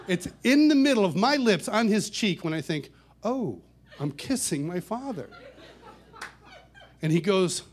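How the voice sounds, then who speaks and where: A man with a somewhat high voice tells a personal story to an audience. He is animated and laughs often. He stumbles and repeats words as he goes. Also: a little slow, long pauses, a little hiss or hum. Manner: animated, laughs often, gets louder and higher as the story builds; restarts and repeats words while telling. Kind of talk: storytelling talk.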